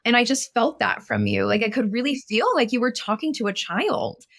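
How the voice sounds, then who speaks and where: A woman therapist appearing as a guest, speaking in a warm, affirming and animated way. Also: on the high side, fairly quick, vocal fry. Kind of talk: casual conversation.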